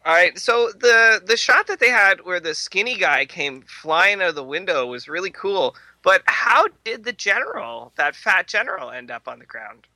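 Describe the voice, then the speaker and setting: Bright-voiced man riffing on a movie. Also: high-pitched, animated, normal speed, few pauses, dry recording. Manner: laughing, crude, riffing. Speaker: podcast co-host. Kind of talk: casual movie commentary podcast.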